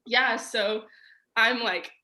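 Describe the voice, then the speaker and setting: A young woman with a bright, forceful voice that sits a little high, telling her story as a podcast guest. She is animated, says "like" constantly, and acts out the people she quotes. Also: drawn-out words. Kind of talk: casual storytelling conversation.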